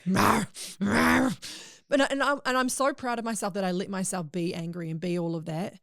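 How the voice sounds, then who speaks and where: A woman's voice: on the low side, expressive, quick pace, dry recording, studio quality. A woman guest on a podcast, telling a personal story in a candid, emotional way in casual chat.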